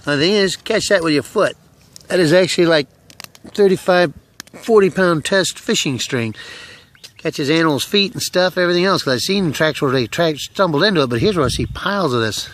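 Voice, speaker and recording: A man's voice: on the high side, animated, fairly quick, a bit bright. A man vlogging on a hike who rambles in a folksy, joking way while walking through woods and country roads. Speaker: hiking vlogger. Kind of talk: casual joke-telling vlog.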